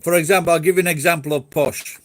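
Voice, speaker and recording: Brief: English man, casual rambling chat, swears a lot, slightly high voice, dry sound. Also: steady tone, fast, dry recording. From England. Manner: rambling, swears freely, laughs easily.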